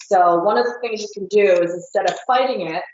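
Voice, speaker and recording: An American woman explains her hair-painting technique step by step, steady and methodical, with a slight Northeastern tinge to her accent. She sounds like a colorist teaching during a livestream, and her audio comes through dull and lo-fi. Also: mid-range voice, brisk. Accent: American, sometimes Northeastern. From born in Korea, raised in New Jersey. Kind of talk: live hair-painting demonstration.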